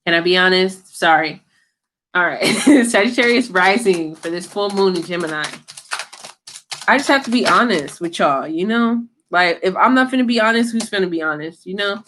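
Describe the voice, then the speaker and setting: A woman's voice: fairly low pitch, animated, moderate pace, a bit bright, slight background noise. A woman giving a casual tarot reading to camera, talking in a blunt, slangy, scolding way and swearing freely. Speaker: tarot reader.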